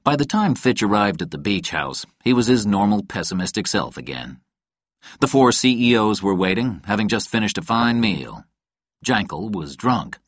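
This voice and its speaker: An audiobook narrator reads a novel aloud as scripted narration, in a calm, even storytelling manner. His voice is on the low side at normal speed, recorded with studio quality and no room sound.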